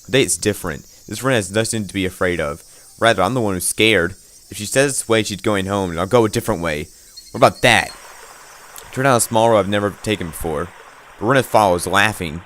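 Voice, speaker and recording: A man's voice: fairly low pitch, a little fast, fairly bright tone. A man narrating a let's play, reading the game's text dramatically with occasional stumbles and wry asides.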